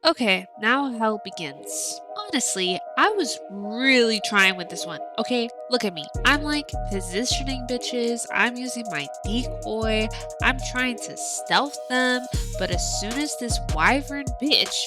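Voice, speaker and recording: A woman's voice: fairly high pitch, lively intonation, a little slow. A woman hosting a let's play, commenting on the game in a profane, dramatic, ranting way. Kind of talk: casual gameplay commentary. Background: game music.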